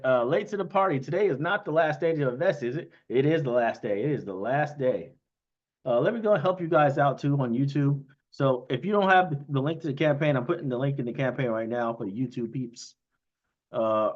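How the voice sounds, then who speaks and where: A man hosting a casual livestream, talking excitedly in quick bursts and often asking "you know what I mean". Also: mid-range voice, highs cut off. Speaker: livestream host thanking investors.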